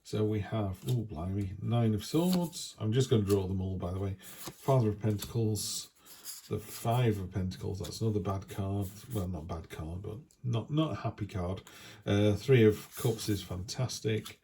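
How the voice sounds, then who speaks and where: A man's voice: fairly low pitch, moderate pace, gravelly, mellow, a little hiss or hum. A man giving a chatty, down-to-earth weekly tarot reading in a casual, reassuring way. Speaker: tarot reader.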